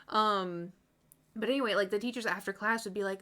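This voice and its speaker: A woman's voice: mid-range voice, a little fast, bright, forceful tone. Chatty young woman rambling through a story. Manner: rambling storytelling with many likes and asides to chat. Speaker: streamer. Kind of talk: casual chat while painting on stream.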